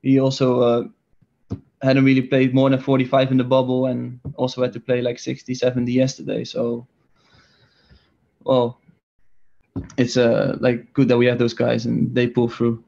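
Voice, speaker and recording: Young Dutch man, gravelly and flat. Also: medium pitch, moderate pace, pauses often, muffled recording. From Netherlands. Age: 20s. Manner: hesitant, many fillers and restarts. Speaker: soccer player guest. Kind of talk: casual interview answers.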